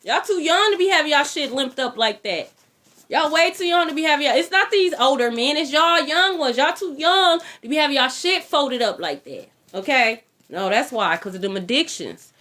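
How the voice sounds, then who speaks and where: Bright high-voiced woman reading tarot. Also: lively intonation, normal speed. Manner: blunt, profane, repeats herself. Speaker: tarot reader.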